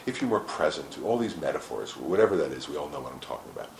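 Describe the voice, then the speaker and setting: Male guest, very deep and gravelly, animated and swearing freely, echoey room. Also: fast. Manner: animated storyteller, acts out quotes, swears casually. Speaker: interview guest. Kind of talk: casual explanatory talk. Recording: echoey room with faint noise.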